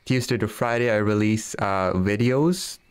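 A man's voice: on the low side, unhurried, smooth, no echo. A man chatting casually with viewers while streaming a fishing game, often laughing and reading their messages aloud. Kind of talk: casual live-stream chat.

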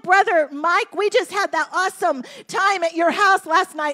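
A woman pastor preaching a fervent sermon, calling out repeated questions to her congregation and dropping to a hushed voice for scripture readings. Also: very high voice, moderate pace, hardly any pauses. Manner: impassioned, swings from shouting to hushed scripture reading.

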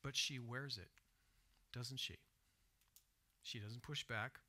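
A man preaching a sermon in church, swinging between hushed, soft retelling and loud, emphatic asides, and asking his listeners direct questions. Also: medium pitch, fairly even intonation, slow. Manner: asks the congregation direct questions. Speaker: pastor. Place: church sanctuary.

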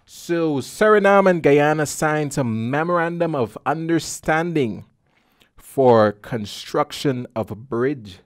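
A man's voice: fairly high pitch, animated, slow, dry recording, studio quality. Joking Caribbean man hosting a podcast. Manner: playful, joking, loose conversational delivery. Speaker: podcast host. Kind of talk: casual podcast chat.

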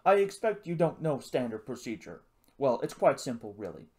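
Storybook creature: a tiny lizard with a booming posh officer's voice, brisk and bouncy in pitch, done by the reader. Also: big pitch swings, a little mellow, lightly acted. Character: talking lizard with a posh deep male voice.

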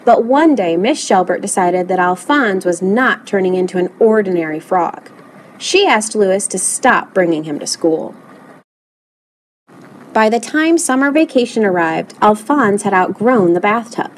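A woman reading a children's picture book aloud in an expressive, animated way. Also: medium pitch, unhurried, slight background noise, poor audio. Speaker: storybook reader.

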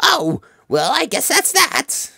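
A man's voice: extremely high pitch, huge pitch swings, takes it slowly, gravelly, bright, forceful tone, no room sound, studio quality, pitched above the performer's own voice, exaggerated voice. A man voicing a sleepy, absent-minded male quail teacher in a game playthrough. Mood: drowsy.

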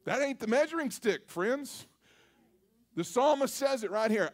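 A man preaches a sermon to a live congregation. His voice sits very high, and he delivers his points emphatically, calling on the congregation to answer back. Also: sing-song, a little slow. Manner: emphatic, call-and-response preaching. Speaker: pastor. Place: church service.

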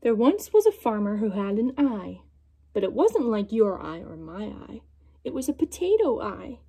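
A young woman reading a picture book aloud to children, in an animated storytelling manner and asking her young listeners questions. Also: mid-range voice, moderate pace, breathy edge.

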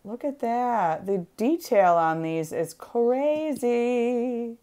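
A woman's voice: on the high side, animated, warm tone, clean tone. A woman hosting a casual craft livestream, playful and giggly as she chats while stamping. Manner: playful, giggly, drawn-out delivery.

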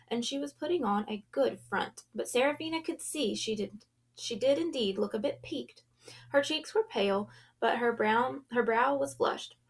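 A woman reading a children's novel aloud in a gentle storytelling manner, going soft and hushed at tense moments. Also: on the high side, gravelly. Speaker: audiobook reader.

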